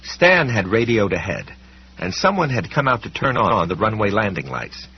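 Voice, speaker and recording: A male audiobook narrator with a deep, low voice who reads in a measured way, pausing for effect. The recording is dull and slightly muffled, with a faint hum in the background. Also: big pitch swings.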